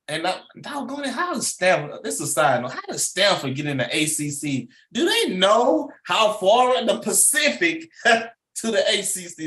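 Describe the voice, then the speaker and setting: A middle-aged man giving casual, rambling sports commentary as a channel host, animated and full of slang. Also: on the high side, echoey room, poor audio.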